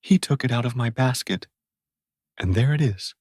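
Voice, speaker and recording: A man's voice: medium pitch, animated, moderate pace, a little mellow, breathy edge, no echo, clean studio sound. A man reading a storybook and voicing a proud young boy who insists that he is the king.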